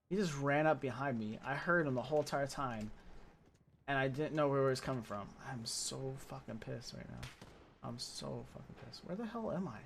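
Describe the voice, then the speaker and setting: A man talking casually over his own gameplay, chatty and self-mocking, with sudden loud bursts of frustration. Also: mid-range voice, normal speed, vocal fry, a little hiss or hum. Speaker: gaming streamer.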